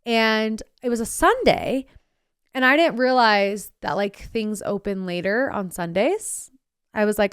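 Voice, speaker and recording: It's a clean studio recording with no room sound: a young female podcast host, clear and resonant at medium pitch and moderate pace. Her casual monologue is a sarcastic, bubbly story in which she acts out quoted people, herself among them, with animated voices.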